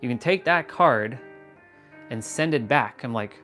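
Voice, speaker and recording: A man's voice: medium pitch, animated, a little slow, a bit bright, faint music behind. Blunt, emphatic man, swearing freely. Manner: talks while walking on a step count. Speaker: live stream host. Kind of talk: casual motivational live stream talk.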